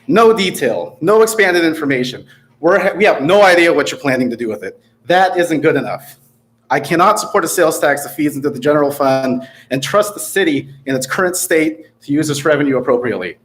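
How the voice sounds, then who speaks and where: A man's voice: on the high side, expressive, brisk, fairly bright tone. A man giving a prepared, critical public comment at a city council meeting, sarcastic in tone. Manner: sarcastic, critical, reading from notes. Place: council chamber.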